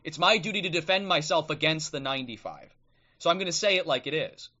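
Speaking fast in a slightly high, bright, forceful voice, a man hosts a livestream, though the recording is muffled. His streaming-microphone rant is blunt and combative with frequent "okay?" tags, and he follows it by reading from a book.

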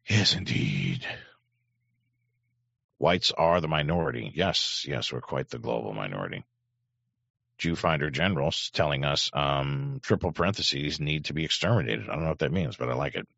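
A man's voice: rumbling low, animated, normal speed, creaky, a bit bright, no room sound, dull audio. A middle-aged man hosting a livestream, reading chat aloud in a sardonic, rambling way with many fillers. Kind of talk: casual livestream commentary.

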